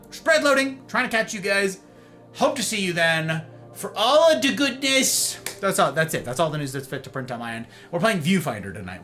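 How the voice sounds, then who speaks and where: A man's voice: fairly high pitch, pushed and bright. A man live-streaming, chatting casually with his viewers, teasing and greeting them by name.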